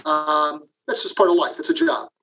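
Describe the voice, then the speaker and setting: A man's voice: fairly high pitch, very animated, moderate pace, pushed and bright, poor audio. A man being interviewed as a guest, telling a career story and often addressing the host by name. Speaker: guest, management professor.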